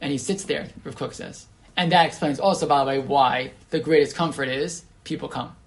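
A man's voice: mid-range voice, brisk, creaky. A man leading an informal Torah class, talking conversationally with many restarts and putting questions to the group.

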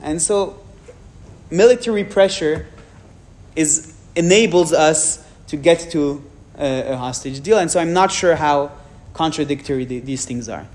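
A man with a French accent, giving a public talk and answering audience questions frankly, with measured pauses and restarts. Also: a little high, darkish tone.

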